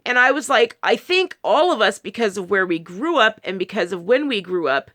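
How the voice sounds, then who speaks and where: A woman's voice: medium pitch, lively intonation, moderate pace, a bit bright. A married woman talking casually to camera, rambling through a personal story with many restarts and quoted asides. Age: adult, married. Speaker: video creator.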